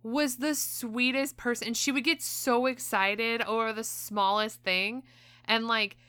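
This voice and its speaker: A young woman gushes through casual podcast chat, full of "like" and quick asides. Her voice is bright and crisp, recorded dry and close with no room sound. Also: a little high, steady tone, no room sound. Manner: gushing, chatty, lots of fillers. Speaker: podcast co-host.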